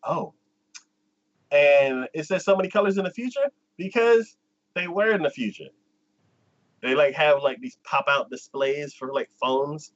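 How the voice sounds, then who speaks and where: A man's voice: a little high, a little slow, highs cut off. A man co-hosting a casual chat, recapping a plot in a rambling way full of "like" and "um". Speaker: co-host.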